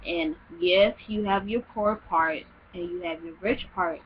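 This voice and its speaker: A woman's voice: lowish voice, measured pace, muffled recording, a little hiss or hum. A young woman from Nigeria, talking casually to her viewers in an exasperated, chatty way, full of "you know" and "like". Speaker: vlogger. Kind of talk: casual vlog rant.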